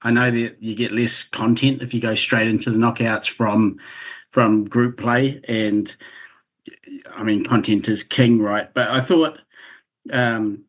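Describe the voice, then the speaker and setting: A man's voice: mid-range voice, fairly even intonation, a little slow, a bit bright. A man with a New Zealand accent, a guest on a podcast, talking things through in a thoughtful, wry, rambling way. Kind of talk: casual chat.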